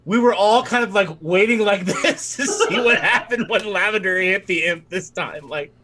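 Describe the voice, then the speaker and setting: A player in a tabletop game, talking casually, animated and quick to laugh. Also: mid-range voice, background noise.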